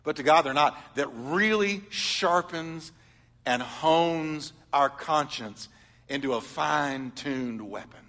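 A middle-aged man preaches in a church, sliding between loud, emphatic declarations and quiet, confiding asides. His voice sits a little high and sounds bright and forceful. A long reverb trails each phrase through the large hall. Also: slow pace. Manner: storytelling preacher, swings from loud emphatic lines to soft confiding ones. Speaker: pastor. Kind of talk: sermon.

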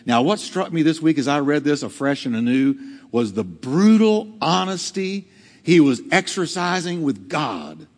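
A man's voice: a little high, expressive, a little slow, long reverb tail. A male pastor preaching a sermon, acting out quotes with dramatic swings in delivery. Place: church hall.

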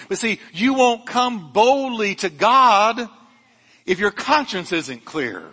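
A man's voice: high voice, sing-song, slow pace, pushed and bright, husky. Man preaching in an echoing church. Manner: fervent preaching with humorous asides. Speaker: pastor. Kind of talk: sermon. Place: church sanctuary.

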